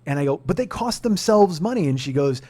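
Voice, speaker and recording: Man in his 40s, podcast host, slightly high voice, swearing storyteller, rants get loud. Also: lively intonation, a little fast. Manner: profane ranting that climbs into shouting. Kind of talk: casual comedic storytelling.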